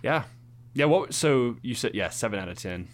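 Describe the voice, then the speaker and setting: A young man co-hosting a casual movie review chat, relaxed and agreeable, often saying "yeah.". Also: medium pitch, normal speed.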